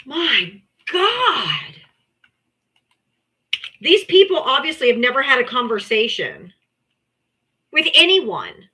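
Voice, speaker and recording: A woman's voice: high-pitched, very animated, takes it slowly, long pauses, bright, forceful tone. A woman hosting a live political debate stream, combative and mocking, talking over her guests. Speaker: livestream debate host. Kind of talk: heated political debate livestream.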